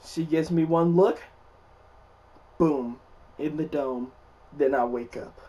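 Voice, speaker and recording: A young man casually telling a dream story for a vlog, animated and loud, jumping to shouts when he quotes himself. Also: a little high, slow, distant mic.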